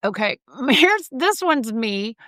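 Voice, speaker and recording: A woman's voice: fairly high pitch, very animated, takes it slowly, sharp tone, dry recording. A woman co-hosting a podcast in casual chat, talking emphatically and laughing often. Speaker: podcast co-host.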